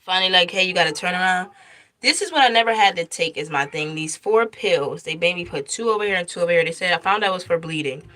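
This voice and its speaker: Bright, animated young mother storytelling. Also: lowish voice, fast. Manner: animated retelling, acts out quoted lines. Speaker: mother telling her birth story. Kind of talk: casual storytime vlog.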